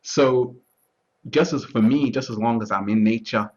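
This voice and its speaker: A man talking through his thoughts in a relaxed, reflective conversation, often restarting and asking whether he is understood. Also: mid-range voice, normal speed. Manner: repeats words, restarts often, asks "you see what I'm trying to say". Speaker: interview guest. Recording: dull lo-fi audio.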